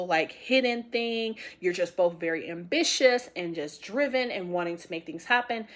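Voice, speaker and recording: A woman reads tarot for her viewers in a mid-pitched voice. She talks casually and emphatically, circling back to repeat her points. She speaks straight to the audience with affectionate, encouraging warmth. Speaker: tarot reader. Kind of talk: intuitive tarot reading to camera.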